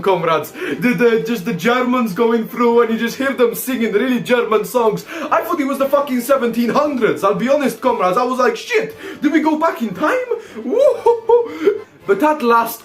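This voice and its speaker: A young man narrating a casual travel vlog, excitable and swearing, calling his audience comrades again and again. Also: sits high. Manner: excitable, swears, says "comrades" in nearly every line. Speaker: vlogger host. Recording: roomy echo, faint music behind.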